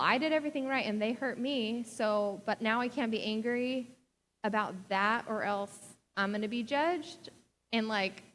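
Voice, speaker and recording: Chatty young woman preaching in a reverberant hall. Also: fairly high pitch. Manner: casual, chatty preaching with frequent "like" and laughs. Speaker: pastor. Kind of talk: sermon. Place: church sanctuary.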